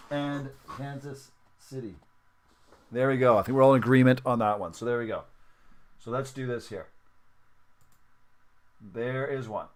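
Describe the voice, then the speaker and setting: A clear, resonant, mid-range male voice belongs to a sports card break livestream host. He keeps things casual and chatty, narrating counts out loud and saying sorry as he fixes slip-ups.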